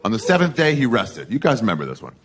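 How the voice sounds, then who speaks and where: A man's voice: mid-range voice, wildly swooping pitch, quick pace. A man in his forties doing a crude, conversational stand-up set on a comedy club stage with a handheld mic. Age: 40s. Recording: live comedy set with loud crowd laughter.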